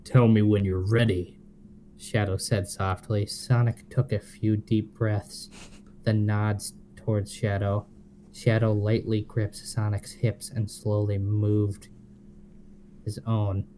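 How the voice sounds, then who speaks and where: Podcast co-host, man, deadpan slow reader, low voice. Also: a little hiss or hum. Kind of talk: reading fanfiction aloud, casual chat.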